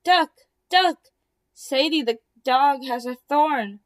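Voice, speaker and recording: A woman voicing an excitable, gossiping duck in a read-aloud storybook, talking eagerly. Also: high-pitched, takes it slowly.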